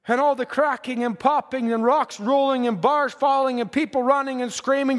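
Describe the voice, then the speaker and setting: A man's voice: extremely high pitch, long reverb tail. Earnest male preacher recounting a dream. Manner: earnest storytelling, halting repetitions.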